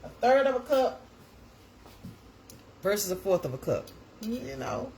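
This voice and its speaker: A woman with a Georgia Southern accent chats casually on a livestream from her kitchen while making breakfast, repeating phrases and talking to viewers. Her voice sits a little high with big pitch swings, and she speaks a little slowly. The home livestream audio is noisy.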